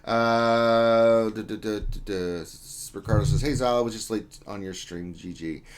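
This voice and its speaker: Reading chat names and greetings aloud, a man runs a casual livestream with a loose, joking manner. His voice is on the low side and his delivery unhurried.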